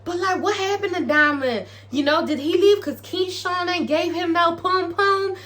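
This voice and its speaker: A woman's voice: very high-pitched, normal speed, a bit bright, pitched above the performer's own voice. A woman doing a gossipy young dancer.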